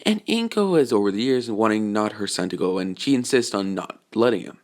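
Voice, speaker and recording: A man's voice: on the low side, lively intonation, a little fast. A man casually telling a fan-fiction story, rambling and correcting himself with lots of fillers.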